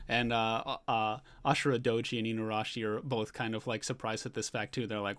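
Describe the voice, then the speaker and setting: A man's voice: fairly low pitch, level tone, brisk, hardly any pauses, a bit bright, clear, resonant tone. A man giving a casual, rambling recap of a manga chapter as a reviewer, loosely paraphrasing the scenes.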